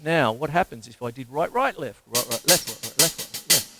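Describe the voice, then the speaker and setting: A man with an Australian accent giving a casual, jokey drum lesson and counting the stickings out loud. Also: medium pitch, lively intonation, moderate pace, loud music behind the voice. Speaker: drum teacher. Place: home drum studio. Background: loud drum kit playing.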